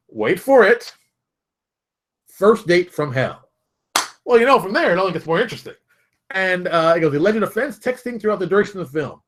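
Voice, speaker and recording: Animated husky man telling stories. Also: high voice. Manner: animated storytelling, acts out quotes, laughs often. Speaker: show host. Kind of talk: casual commentary.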